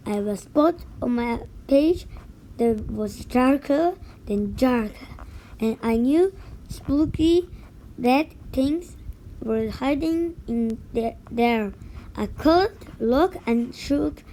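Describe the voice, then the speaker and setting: A woman reads a children's picture book aloud in a high voice. She takes her time and now and then trips over a word and starts it again. A faint hiss sits under the reading. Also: lively intonation, a little mellow, poor audio. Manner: unhurried read-aloud with small slips and restarts.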